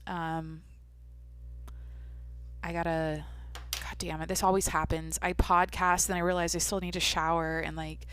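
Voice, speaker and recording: A woman's voice: fairly low pitch, little pitch movement, a little slow, pauses often, fairly bright tone, clean tone. A young adult woman hosting a casual solo podcast, rambling and swearing casually as she talks to herself. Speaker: podcast host.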